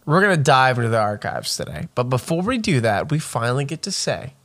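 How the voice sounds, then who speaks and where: A man's voice: medium pitch, sing-song, fairly quick, few pauses, fairly bright tone, a little hiss or hum. Man, podcast co-host, casual banter, swears a lot, laughs often.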